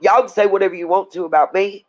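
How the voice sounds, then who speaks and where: A woman's voice: medium pitch, fairly even intonation, quick pace, low-quality recording. A woman hosting a livestream, talking bluntly in a heated rant. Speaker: channel host. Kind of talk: livestream commentary.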